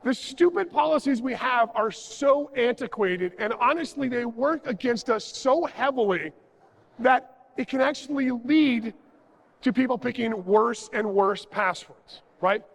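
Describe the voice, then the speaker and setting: Guy giving a conference talk, real high voice, sarcastic and jokey, big echoey hall. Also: unhurried, creaky. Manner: jokey, sarcastic, acts out little dialogues. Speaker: conference speaker.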